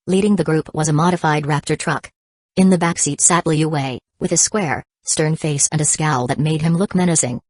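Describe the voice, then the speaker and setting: Woman, audiobook narration, low voice, even delivery, dry sound. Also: dry recording. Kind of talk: scripted narration.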